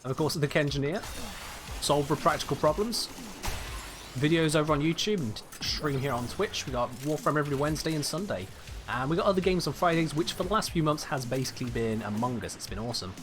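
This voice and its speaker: Chatty Southern English streamer. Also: male voice, on the high side, animated, brisk, music in the background. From Birmingham, England. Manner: chatty, reads and answers viewer chat while playing. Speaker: gaming streamer. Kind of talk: casual live-stream chat.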